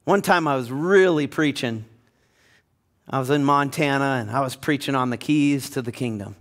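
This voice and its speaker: A man pastor preaching a passionate sermon in a church, building to loud emphatic peaks. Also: medium pitch, moderate pace. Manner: passionate, rising to near-shouting. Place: church sanctuary.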